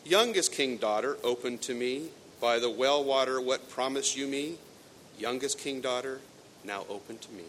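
A man's voice: normal speed, a bit bright, natural voice. A man reading a fairy tale aloud and voicing a talking male frog who bargains in old-fashioned, coaxing speech. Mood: pleading. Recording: echoey hall, faint rumble.

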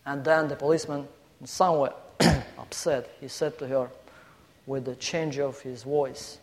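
A guest preacher with a somewhat high voice speaks at a measured pace, emphatically listing points and telling a story to the congregation. A long hall reverb follows his words.

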